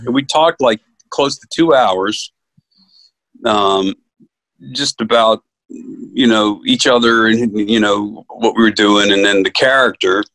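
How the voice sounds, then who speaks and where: A man from New York, an actor, telling stories in a casual interview, acting out quotes with lively energy. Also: fairly low pitch, takes it slowly, no echo. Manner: animated storyteller, acts out quotes. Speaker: actor guest.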